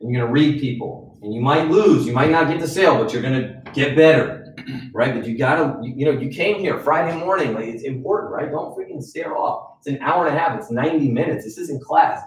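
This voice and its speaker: A man's voice: medium pitch, a little fast. A man lecturing a small group as a sales trainer, blunt and scolding in a motivational way. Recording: echoey room, voice from far off.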